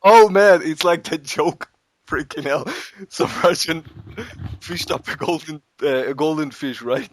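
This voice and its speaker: Slow-talking man telling a silly story. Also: on the high side, no echo. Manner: laughs often, rambling storytelling with put-on voices. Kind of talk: casual comedic chat.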